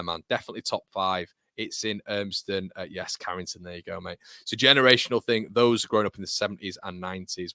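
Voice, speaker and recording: A young man hosts a football watchalong, rambling through viewer comments with plenty of banter. His voice is bright and forward. The sound is dry and close. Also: on the low side, no echo. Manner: chatty, rambling, laughs often, banter with viewers. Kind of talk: casual live-stream chat reading comments.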